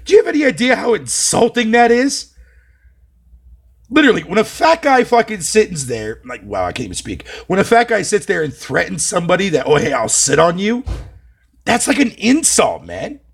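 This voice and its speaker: A man's voice: sits high, wildly swooping pitch, moderate pace, gravelly, breathy edge. A young man from Canada chatting on a live stream, reading his chat aloud with profane, mocking banter.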